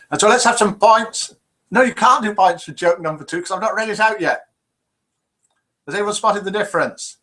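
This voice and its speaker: Broadcasting live by webcam from a small home studio, a British host with a high voice talks at normal speed, keeping things casual and relaxed as he chats and reads out viewers' names and comments.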